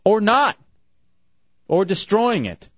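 A man hosting a radio show from the studio, fast and joking with callers and co-hosts. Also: high-pitched, big pitch swings, dry recording. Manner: brash, joking, fast patter. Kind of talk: casual radio banter. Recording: slightly muffled radio broadcast.

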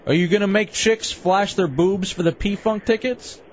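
A man's voice: high-pitched, normal speed. A young man hosting a radio show, trading mock insults in casual banter. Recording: slightly dull radio broadcast with faint hiss.

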